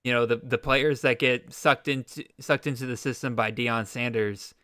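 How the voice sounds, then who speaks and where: A man's voice: medium pitch, steady tone, moderate pace, sharp tone, no echo, clean studio sound. A man hosting a live-streamed fantasy draft, thinking aloud with restarts and playful mock exasperation. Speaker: podcast host.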